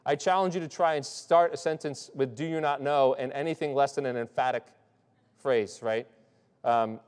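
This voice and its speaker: A man's voice: mid-range voice, steady tone, moderate pace, darkish tone, clean tone. A male pastor giving a conversational sermon, restarting his sentences and checking in with his listeners. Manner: loose, restarts often, asks "right?". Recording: long hall reverb.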